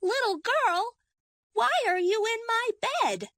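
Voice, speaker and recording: A woman voicing a small boy bear cub who cries and whines in a high, tearful voice for a storybook reading. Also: animated, slow pace, a bit bright, no room sound, studio quality, exaggerated voice. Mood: curious.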